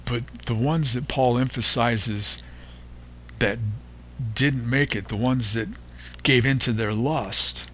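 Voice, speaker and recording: A man hosting a devotional podcast, reading and explaining Bible verses in an unhurried way, pausing often and stressing repeated words. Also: medium pitch, pushed and bright, slight background noise. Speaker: podcast host teaching the Bible.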